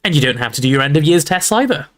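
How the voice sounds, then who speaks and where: A man's voice: a little high, expressive, fast, pitched above the performer's own voice, close to an everyday voice. A man voicing a jealous, sarcastic teenage boy who sulks at a friend he believes is lying. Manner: sarcastic, sulky, skeptical.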